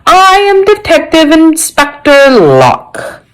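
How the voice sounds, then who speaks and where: A brusque male police inspector from a storybook, acted by a woman reader. He speaks slowly and pompously, lines rising grandly. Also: high-pitched, wildly swooping pitch, voice pushed up, full character voice.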